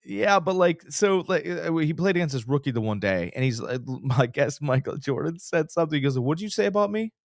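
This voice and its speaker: A man's voice: on the high side, fairly quick, hardly any pauses, dry recording, clean studio sound. A man co-hosting a casual sports podcast, telling stories with lots of energy and acting out the quotes. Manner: animated storyteller, acts out quotes. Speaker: podcast co-host.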